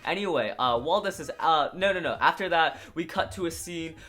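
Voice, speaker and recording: A man's voice: a little high, animated, fairly quick, pushed and bright. A man casually recapping and reviewing an anime episode, rambling with lots of filler words.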